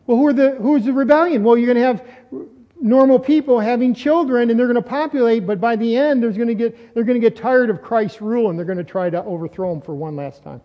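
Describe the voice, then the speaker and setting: A man's voice: very high voice, quick pace. A man preaching a sermon as a pastor, in a conversational style full of rhetorical questions. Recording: dull lo-fi sound with long hall reverb.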